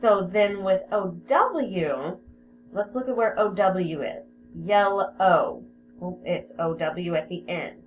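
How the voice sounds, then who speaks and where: A woman's voice: medium pitch, takes it slowly, faint music behind. A woman teaching a spelling lesson to young children, patient, sounding out words and repeating them. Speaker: elementary school teacher. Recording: tinny phone-like audio with steady background hiss.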